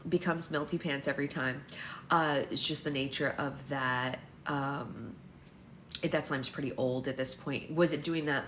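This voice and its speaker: Low-voiced, chatty woman in an echoey room. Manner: chatty, rambling, filler-heavy. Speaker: book club host and slime seller. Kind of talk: casual livestream chat and reading aloud. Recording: echoey room, faint background noise.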